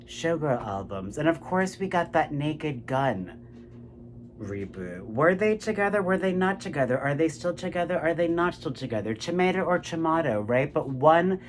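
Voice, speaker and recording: Full of profanity, this animated political rant keeps circling back to "my friends, right?" aimed at the listener. The man's slightly high voice moves at normal speed, with a little hiss or hum in the recording.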